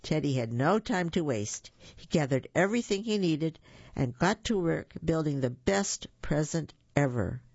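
Gravelly voice reading a kids' book out loud, dry and kinda muffled. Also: mid-range voice, expressive, moderate pace, no echo. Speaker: storybook reader. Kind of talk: children's story read-aloud.

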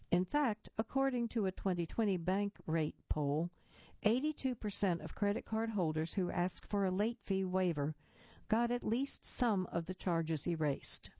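Woman reading articles out loud, lowish warm voice, steady and measured, kinda muffled dry recording. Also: no room sound. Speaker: reader of magazine articles.

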